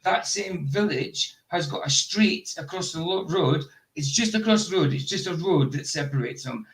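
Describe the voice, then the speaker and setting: A man with a Scottish accent chatting casually, loud and blunt, laughing often. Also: on the high side, normal speed, rough recording. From Scotland. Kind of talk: casual chat.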